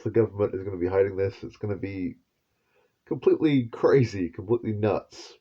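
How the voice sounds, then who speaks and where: A man's voice: on the low side, fairly quick, lo-fi sound. A man giving a rambling prophetic monologue as an online preacher, repeating himself and chuckling with half-sarcastic asides.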